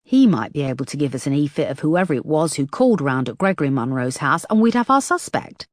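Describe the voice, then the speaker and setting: A woman narrator voicing an eager male detective who makes a quick, persuasive pitch. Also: animated, dry recording, clean studio sound.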